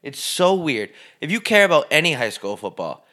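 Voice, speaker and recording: Bright-voiced man trading wisecracks. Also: fairly high pitch, very animated, moderate pace. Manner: wisecracking, offhand banter. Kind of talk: casual chat.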